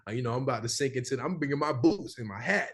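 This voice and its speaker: A young man from the American South, an actor chatting casually in an interview, animated and full of repeated fillers. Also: mid-range voice, fast talker, background noise. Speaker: actor guest.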